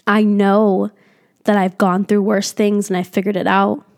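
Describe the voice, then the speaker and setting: A woman's voice: medium pitch, flat delivery, a little slow, gravelly, a little mellow. Candid, swearing young woman podcaster. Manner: candid and heavily profane; reflective, self-encouraging. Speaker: podcast host. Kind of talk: casual solo podcast monologue.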